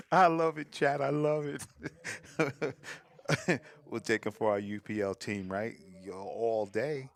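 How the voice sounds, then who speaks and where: A man's voice: medium pitch, takes it slowly, creaky. A man doing casual live commentary on a pool stream, teasing the players, giggling often and talking straight to his viewers.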